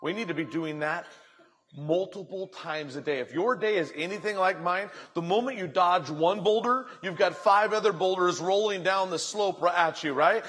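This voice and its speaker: A male pastor giving a lively, conversational sermon in a church sanctuary. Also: high voice, moderate pace.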